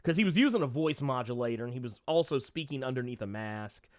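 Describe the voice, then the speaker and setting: A man's voice: mid-range voice, expressive, fast talker, dry recording, clean studio sound. A man co-hosting a podcast, chatting casually about a movie with a joking, profane manner and many restarts. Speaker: podcast co-host. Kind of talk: casual movie review chat.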